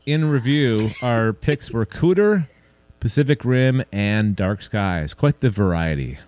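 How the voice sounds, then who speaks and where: Relaxed man hosting a podcast, dry sound. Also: on the low side, slow pace, no echo. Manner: relaxed, chatty, wraps up with plugs. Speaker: podcast host. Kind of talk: casual podcast chat.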